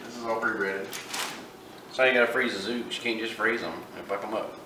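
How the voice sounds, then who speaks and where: A man's voice: fairly low pitch, fairly even intonation, moderate pace. A man hosting a casual cooking vlog in a kitchen, talking in a laid-back, folksy way. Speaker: fishing channel host. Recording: echoey kitchen, mic far off, noisy. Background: frying and sizzling.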